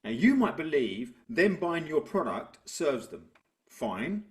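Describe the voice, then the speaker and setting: A man's voice: a little high, very animated, takes it slowly. Reflective man coaching. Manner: reflective, tells stories to make a point. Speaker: business coach, guest. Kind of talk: conversational interview.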